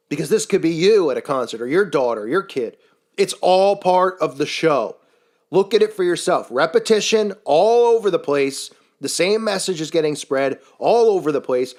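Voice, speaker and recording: A man's voice: high-pitched, lively intonation, normal speed, a little mellow. A man delivering a scornful, sarcastic commentary rant, full of rhetorical questions. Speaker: commentary channel host. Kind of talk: ranting monologue commentary.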